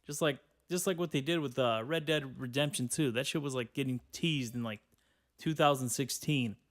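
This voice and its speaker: A man's voice: mid-range voice, normal speed. A young man hosting a casual solo podcast, reading headlines aloud and answering them with profane, rambling, sarcastic comments. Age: young adult. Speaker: podcast host.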